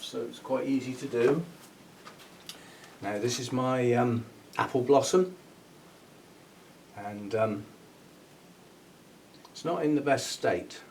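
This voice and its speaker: A man with a medium-pitched, slightly mellow voice speaks slowly, leaving long pauses. He grows orchids and runs his own channel, and here he chats casually through a hands-on job, thinking aloud and laughing at himself. The mic is distant and the audio poor, with faint noise behind him.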